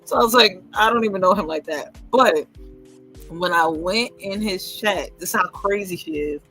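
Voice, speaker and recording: A man's voice: high-pitched, normal speed, pushed and bright, slightly rough, faint music behind, rough recording. A man hosting a casual livestream chat, gossipy and laughing often as he acts out what others said. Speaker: host.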